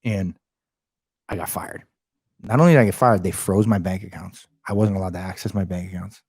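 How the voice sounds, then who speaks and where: Loud, profane man with a husky voice. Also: low-pitched, a little fast, dry recording. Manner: loud, heavily profane, fired-up storytelling; slangy, calls listeners bro and dude. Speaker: podcast guest, realty company head. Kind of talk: casual storytelling chat.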